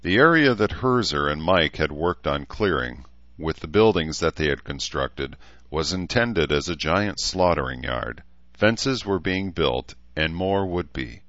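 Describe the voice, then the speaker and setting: Narrator: man with a very low voice, steady reading, dry close dull sound. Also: measured pace, no echo. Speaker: audiobook narrator. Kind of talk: scripted narration.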